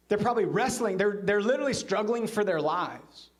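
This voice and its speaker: A man, the pastor, preaching a sermon in church and telling a story, at times dropping into a hushed low voice for quoted lines. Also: lively intonation, a little fast.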